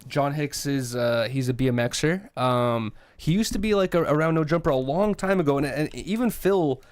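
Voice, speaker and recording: A man's voice: a little high, lively intonation, moderate pace, no echo, clean studio sound. A young man, hosting a podcast and telling a story in a loose, rambling way. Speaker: podcast host. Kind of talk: casual podcast chat.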